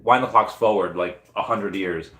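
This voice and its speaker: A hoarse man chatting casually on a live stream, rambling through stories with lots of fillers. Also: lowish voice, normal speed, fairly bright tone, reverberant. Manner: rambling, filler-heavy storytelling. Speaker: comic and collectibles YouTuber.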